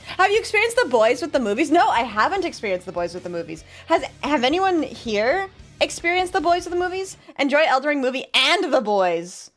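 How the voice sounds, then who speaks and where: A VTuber with a high, fairly bright voice casually reads and responds to her viewers' messages. She's sarcastic and laughs often as she chats with them.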